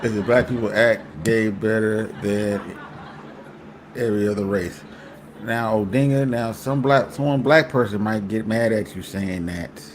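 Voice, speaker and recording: A man's voice: fairly low pitch, unhurried, slight background noise. A man hosting a casual livestream, talking in a loose, joking, slangy way. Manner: loose, joking and slangy, often trailing into laughter. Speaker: host.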